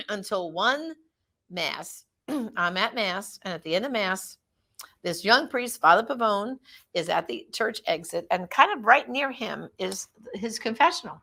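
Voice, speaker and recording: Middle-aged woman, gravelly voice, casual testimony, acts out quoted voices. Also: mid-range voice, expressive, a little slow, bright, forceful tone. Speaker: guest telling her faith story.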